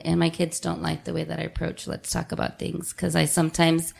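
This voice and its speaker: A woman's voice: low voice, completely flat delivery, brisk, creaky, darkish tone, a little hiss or hum. A woman in her thirties, a single mother, talking candidly and emotionally about parenting in a casual podcast chat. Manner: candid, emotional, talks things out.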